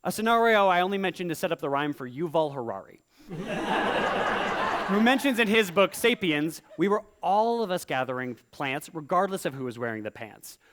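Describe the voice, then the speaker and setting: A playful stand-up comic rhymes through a live set on stage and slips into quick voices. The pitch sits a bit above the usual and jumps about. The sound is a stage microphone. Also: male voice, animated, noisy background. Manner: playful, theatrical, quick vocal impressions. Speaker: stand-up comedian. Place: live comedy stage with audience.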